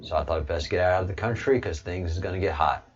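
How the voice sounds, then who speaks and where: A man's voice: deep voice, fast talker. A man hosting a casual live chat stream, rambling with chuckles and many hesitant fillers. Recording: dull lo-fi stream audio.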